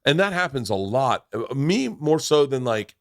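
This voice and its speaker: A man in the host's chair, spinning stories and swearing freely as he acts out the people in them. His voice sits at an ordinary pitch on a dry, close mic with no room sound. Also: normal speed, no echo. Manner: animated storyteller, swears a lot, acts out voices in anecdotes. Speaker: podcast host. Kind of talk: casual podcast chat.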